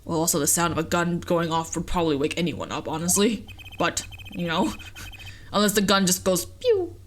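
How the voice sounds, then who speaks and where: A woman's voice: fairly low pitch, lively intonation, moderate pace. A young woman giving playful, self-mocking commentary while playing a game. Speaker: let's play host. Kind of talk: casual gaming commentary.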